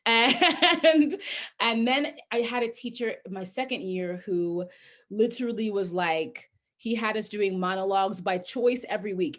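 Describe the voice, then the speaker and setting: Pennsylvania woman gabbing casually on a video call, lots of ums, pokes fun at herself. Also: medium pitch. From Bucks County, Pennsylvania, US. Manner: chatty, laughing, self-deprecating, many fillers. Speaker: guest speaker.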